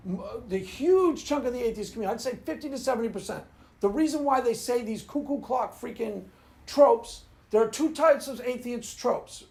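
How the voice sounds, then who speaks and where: A man's voice: very high-pitched, darkish tone. A man hosting his own video, ranting casually and rambling, often laughing at his own jokes. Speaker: video host.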